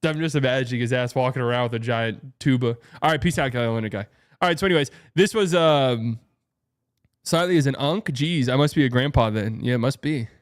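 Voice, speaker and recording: A man's voice: medium pitch, brisk. A young man hosting a casual livestream, rambling through a story, laughing often and swearing. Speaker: streamer and show host.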